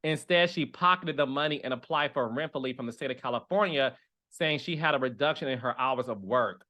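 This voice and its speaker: A man hosting a reality TV commentary show, talking in an animated, chatty way with dramatic asides. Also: medium pitch, fairly quick. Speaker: reality TV commentator and podcast host. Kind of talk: casual chat.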